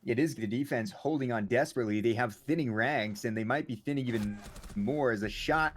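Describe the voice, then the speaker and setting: A man calling an esports match play-by-play, excitable and joking around between the action. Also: mid-range voice, fairly quick, a little hiss or hum. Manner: excitable, jokey banter between calls. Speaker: esports caster.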